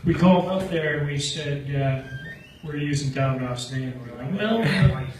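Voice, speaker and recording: A man's voice: mid-range voice, steady tone, moderate pace, noisy background. Rambling stand-up man in an echoey room. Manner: rambling, laughs at his own jokes. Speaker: stand-up comedian. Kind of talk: stand-up storytelling. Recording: echoey room from far off with faint ambience.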